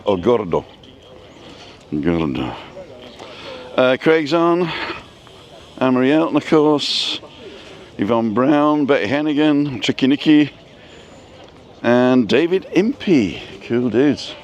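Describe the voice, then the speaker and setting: A man's voice: medium pitch, slow, long pauses. A chatty man hosts a live stream as he strolls through a seaside town. He keeps up easy, joking talk and calls out viewers by name. Faint traffic and street sounds drift in behind him. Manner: chatty, jokey, reads out viewer names. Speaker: vlogger host. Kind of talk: casual live-stream chat while walking.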